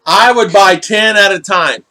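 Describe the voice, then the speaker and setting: A man's voice: sits high, unhurried, background noise. A middle-aged man hosting a casual livestream, chatting and greeting viewers in the chat by name. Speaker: vlog host reading live chat.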